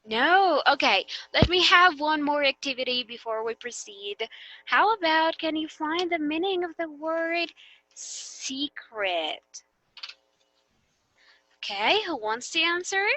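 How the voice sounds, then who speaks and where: A woman's voice: high voice, animated, slow, pushed and bright, no room sound, poor audio. A young woman teaching a vocabulary lesson, patiently checking that her students understand. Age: young adult.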